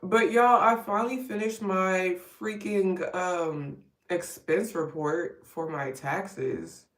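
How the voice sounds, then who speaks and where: A woman's voice: lowish voice, fairly even intonation, slow pace. A woman vlogger chatting casually while doing her makeup, rambling with wry asides. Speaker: vlogger doing a live get-ready stream. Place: at home getting ready. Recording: roomy sound from a distance.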